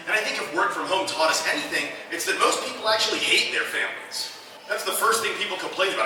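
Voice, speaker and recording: A man's voice: on the high side, expressive, fast, background noise. A man doing a stand-up routine on a club stage, telling dry, ironic stories with quoted asides. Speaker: stand-up comedian. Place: comedy club stage before a live audience. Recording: echoey club room, from a distance, audible audience.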